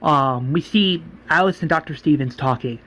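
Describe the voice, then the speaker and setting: A man's voice: a little high, normal speed, fairly bright tone. A man giving a casual, rambling spoken recap, full of fillers, acting out the lines. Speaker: fan recapper.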